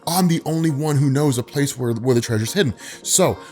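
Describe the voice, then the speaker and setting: A man voicing a weary, frightened old pirate mate, speaking low and confiding. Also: a little fast, a little mellow, soft background music, close to an everyday voice.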